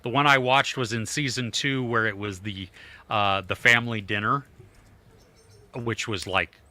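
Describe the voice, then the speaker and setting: Man, middle-aged, podcast co-host; bright tone, loose rambling chat with fillers. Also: lowish voice, fairly even intonation, a little slow. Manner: rambling, lots of fillers and restarts. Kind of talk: casual chat.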